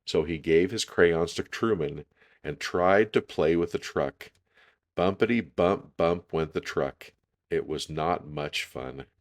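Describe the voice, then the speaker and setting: A man reading a children's picture book aloud, calm and deliberate. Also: sits low. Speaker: storyteller.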